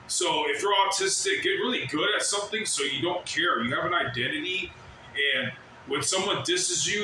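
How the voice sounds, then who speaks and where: A man ranting casually to the camera at work, rambling and swearing as he mimics other people's shouts. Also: on the high side, recorded from a distance, background noise. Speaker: vlogger. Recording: very echoey, from off the mic.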